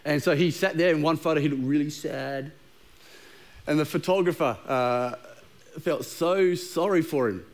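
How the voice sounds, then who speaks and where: High-voiced pastor, chatty sermon. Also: male voice, moderate pace. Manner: conversational and humorous, with frequent repeated words. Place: church auditorium with a live congregation.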